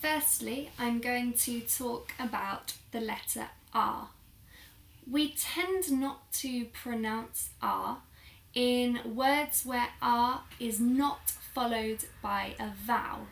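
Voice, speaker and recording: A woman's voice: on the high side, slow, gravelly, echoey room, slight background noise. A woman with a British Received Pronunciation accent from the South of England, teaching pronunciation and carefully articulating each example word. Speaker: English teacher. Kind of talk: pronunciation lesson.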